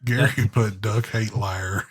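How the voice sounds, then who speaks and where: Easygoing low-voiced male show host. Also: breathy edge. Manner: drawling, easygoing, hesitant with fillers. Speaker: host of a live vape show. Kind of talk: casual live-stream chat.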